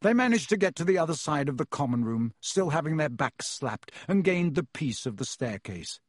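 Man, audiobook narrator, measured, expressive, husky voice, dry close recording. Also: a little high, no room sound. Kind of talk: scripted narration.

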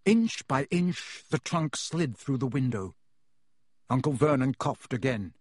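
A man narrating a storybook aloud in a steady, even-paced reading. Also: medium pitch, unhurried, breathy edge, no room sound, clean studio sound. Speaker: audiobook reader.

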